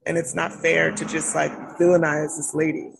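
A woman's voice: deep voice, little pitch movement, normal speed, gravelly, background noise. A woman co-hosting a casual chat, frank and profane, stretching words for emphasis.

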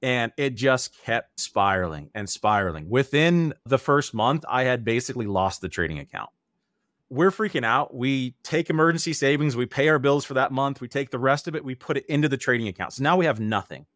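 A man's voice: medium pitch, animated, a little fast, a bit bright, no room sound, studio quality. A man in his thirties, an interview guest, telling his own story in a candid, earnest way and acting out remembered quotes.

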